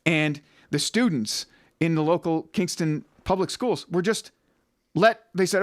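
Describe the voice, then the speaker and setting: A Canadian man with an Ottawa Valley accent and a fairly high voice, hosting a relaxed chat. He talks loosely, swears freely and laughs often. The sound is dry and close. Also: measured pace, dry recording. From Ottawa Valley, Ontario, Canada. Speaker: podcast host. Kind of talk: casual chat.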